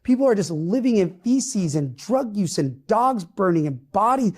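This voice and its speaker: Man candidate on podcast, plain-spoken, high-pitched, soft mellow tone. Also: big pitch swings, moderate pace. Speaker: mayoral candidate. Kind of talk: podcast interview.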